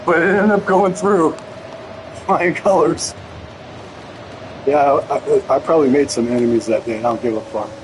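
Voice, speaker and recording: A man's voice: on the high side, moderate pace, pauses often, noisy background. A man streaming a game, telling a rambling, profane story in a casual way. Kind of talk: casual storytelling while gaming.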